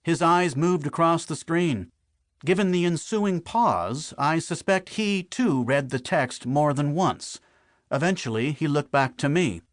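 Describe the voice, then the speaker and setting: A man narrating an audiobook in the first person with wry, deadpan humor on a close studio mic. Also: fairly high pitch, unhurried, no echo.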